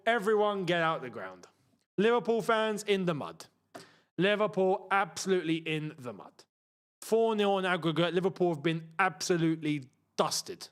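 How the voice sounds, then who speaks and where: A young man hosting a live football watchalong, reacting loudly to goals and bantering with his chat. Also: high voice, lively intonation, normal speed, clean tone.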